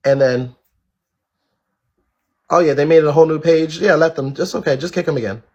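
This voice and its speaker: Hosting a live stream, a man speaks straight to his viewers with blunt, outspoken commentary, swearing freely and repeating points for emphasis. His voice is a little high, darkish, and husky, and he talks fairly quickly. The recording sounds muffled.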